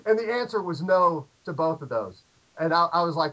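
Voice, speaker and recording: A man's voice: a little high, normal speed. Rambling middle-aged man on a dull line. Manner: rambling, animated anecdote with many fillers and restarts. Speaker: podcast guest. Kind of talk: casual storytelling. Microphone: remote call audio. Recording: dull lo-fi call audio.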